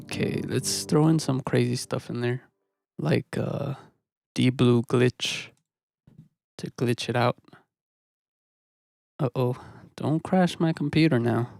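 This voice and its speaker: Gravelly laid-back man streaming music production. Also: medium pitch, slow pace, pauses often, darkish tone. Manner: laid-back, rambling, slangy with "bro". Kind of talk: casual live-stream commentary while making music.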